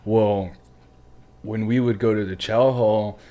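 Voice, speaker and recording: A man's voice: on the low side, steady tone, takes it slowly, warm tone. A man hosting a podcast who tells stories in a casual, easygoing way, swearing freely and calling his guest man and dude. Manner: laid-back, swears freely, says "man" and "dude" often. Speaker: podcast host. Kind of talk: casual storytelling chat.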